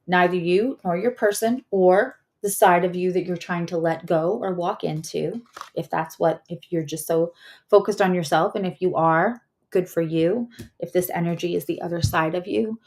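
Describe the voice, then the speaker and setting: Woman, tarot reader, chatty, rambling, slightly low voice, self-correcting. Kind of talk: casual tarot reading to camera.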